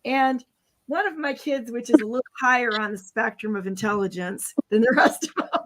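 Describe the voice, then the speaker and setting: A middle-aged woman telling a family story in casual chat, animated and laughing, checking in with "okay?" and "right?". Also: on the high side, moderate pace, a little hiss or hum. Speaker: co-host.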